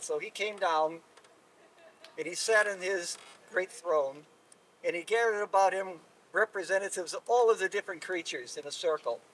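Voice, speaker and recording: A man telling a folk tale aloud in an unhurried, relaxed way. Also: high-pitched. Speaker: storyteller. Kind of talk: live oral storytelling. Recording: distant mic at live telling.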